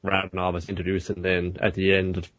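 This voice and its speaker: Low-voiced man with deadpan quips. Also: fairly quick, dry recording. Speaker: podcast co-host. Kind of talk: casual chat reviewing anime. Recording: dull dry lo-fi sound.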